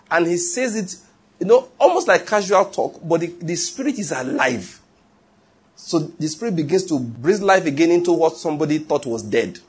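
A man's voice: sits high, husky. A man preaching a sermon, emphatic and repetitive, often asking whether his listeners follow. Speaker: pastor.

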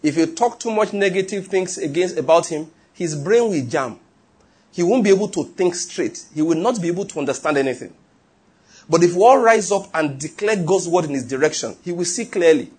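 A man's voice: a little high, expressive, fairly quick, darkish tone, breathy edge. A man preaching a sermon, emphatic and repetitive, often asking whether his listeners follow. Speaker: pastor.

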